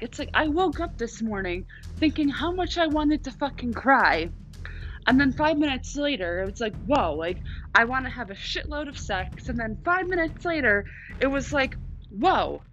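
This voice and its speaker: A woman's voice: sits high, expressive, unhurried, a bit bright, highs cut off. A young woman ranting to camera, angry, sarcastic and swearing, while in pain from cramps.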